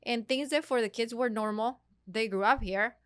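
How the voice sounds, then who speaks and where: Animated woman storyteller. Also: a little high, normal speed, clear, resonant tone. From Ecuador. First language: Spanish. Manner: animated storyteller with frequent restarts. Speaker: parent guest. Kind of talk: casual conversation.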